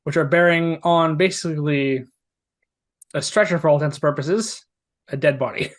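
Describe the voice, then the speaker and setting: A man's voice: fairly high pitch, moderate pace. A man narrating a tabletop game as game master, often rambling and restarting his sentences. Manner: rambling, with many restarts and hedging words.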